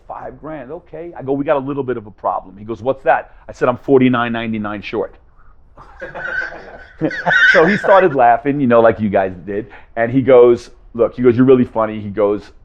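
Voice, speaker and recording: A man telling a story to a live audience, acting out both sides of each conversation with lively energy. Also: mid-range voice, a little fast, lo-fi sound. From Las Vegas, USA. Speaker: guest speaker.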